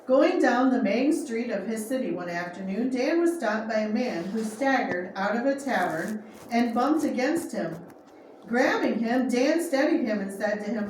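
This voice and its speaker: A woman reading a true story aloud as narrator, steady with small restarts. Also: a little high, normal speed. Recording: echoey room, far from mic, faint noise.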